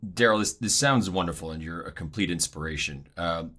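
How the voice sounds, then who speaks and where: Male podcast host, extremely low and breathy, earnest interviewer. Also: brisk, sharp tone. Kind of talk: interview hosting.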